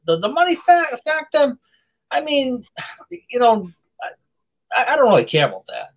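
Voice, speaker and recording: Halting man with a Massachusetts accent. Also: extremely high pitch, sing-song, poor audio. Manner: halting, many fillers and repeated words. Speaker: live stream host. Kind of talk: casual chat.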